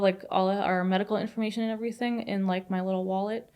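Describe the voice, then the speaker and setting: A woman's voice: mid-range voice, level tone, clear, resonant tone. A young adult woman telling a personal story in casual, rambling speech, full of "like" fillers and swearing. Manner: fast, filler-heavy retelling with frequent "like" and swearing. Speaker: guest.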